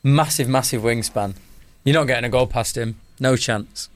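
A man's voice: medium pitch, normal speed, a little hiss or hum. A British man co-hosting a football podcast who talks emphatically and repeats his phrases in casual banter. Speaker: podcast co-host.

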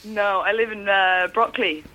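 A woman's voice: mid-range voice, steady tone, measured pace, sharp tone, muffled recording. An English woman with an acquired Irish lilt, chatting self-deprecatingly as a caller on a radio phone-in. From England. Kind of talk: casual chat on a radio phone-in.

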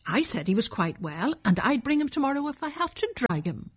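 A woman playing a shrill scornful big sister. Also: sing-song, a little fast, breathy edge, exaggerated voice. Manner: scornful, exclaiming. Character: sharp-tongued scornful older sister.

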